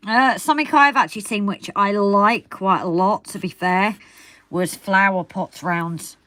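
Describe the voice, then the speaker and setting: A woman's voice: medium pitch, a little slow, a bit bright, dry recording. A woman chatting casually while building a model railway, teasing her partner.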